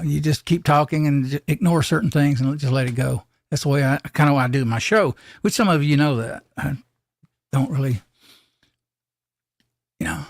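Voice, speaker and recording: A man's voice: on the high side, vocal fry, dry recording, studio quality. An older man, hosting a casual live stream and telling rambling, folksy stories with frequent restarts.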